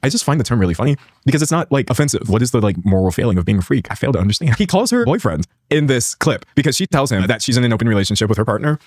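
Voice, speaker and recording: A young man rattles through reaction commentary at a breakneck pace, sarcastic and openly incredulous. His voice sits at an ordinary pitch and sounds dry and close, with no room around it. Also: big pitch swings, darkish tone, no echo. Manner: incredulous, sarcastic, rapid-fire. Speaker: commentary creator.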